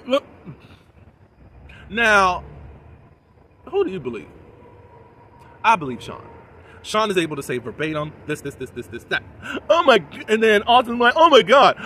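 A man casually reviewing a reality show episode, animated and quick to mimic the cast in exaggerated voices. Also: high voice. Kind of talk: casual reaction commentary.

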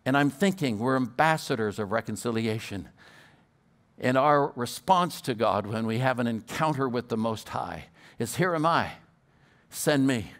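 A man's voice: mid-range voice, moderate pace, fairly bright tone. An older man preaching a storytelling sermon, who stutters now and then and repeats his words. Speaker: guest preacher.

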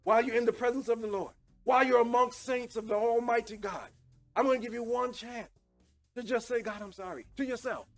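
A man preaching a sermon with fervent, repetitive calls to repent, swinging from shouting to hushed pleading. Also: very high-pitched, fairly even intonation, fairly quick, soft background music.

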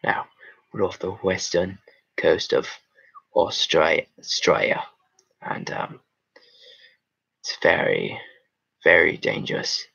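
Man doing a hammy nature-show presenter, slow and dramatic, low voice, muffled lo-fi sound. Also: flat delivery, vocal fry, sharp tone, slightly rough, no room sound, exaggerated voice. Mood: mock-dramatic. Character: mock Australian wildlife documentary presenter, male adult.

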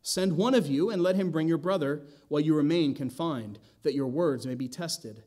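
A man's voice: on the high side, normal speed, warm tone, lightly acted. A man voicing a stern, powerful ancient governor who accuses strangers of spying, read aloud from scripture during a sermon. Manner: accusing, formal scripture reading.

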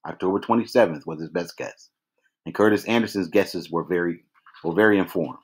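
A man reads a novel aloud in a deep, low voice. He keeps his narration measured and even, and now and then he stumbles and restarts a phrase. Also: husky. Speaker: reader.

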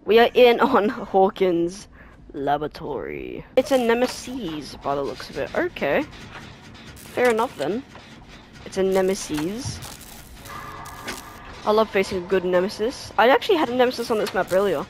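A young adult gamer talks through a match in live commentary, reacting fast with sudden exclamations and bursts of laughter. Clear background music plays under the voice. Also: mid-range voice, sing-song. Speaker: gaming video creator.

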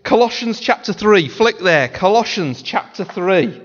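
Animated preacher in an echoing church. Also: male voice, high voice, measured pace. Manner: animated, playful, breaks into sung snippets and mimicry. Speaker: pastor. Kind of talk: sermon. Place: church sanctuary. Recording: dull lo-fi sound in a large reverberant church hall.

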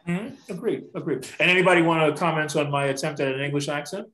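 A man hosting a video-call poetry event, reading verse aloud in a measured, solemn way between brief friendly remarks. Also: on the high side, steady tone, a bit bright, echoey room, rough recording.

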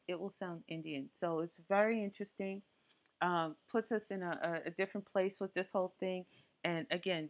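A woman hosting a tech tutorial, explaining features in a chatty, casual way with frequent asides. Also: on the low side. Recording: dull lo-fi audio.

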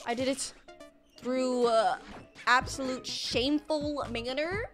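A young woman streaming live gameplay, excitable and panicky, piling up "oh my gosh" and repeating herself as she reacts. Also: high-pitched, music in the background. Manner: excitable, panicky, talks fast with many "oh my gosh".

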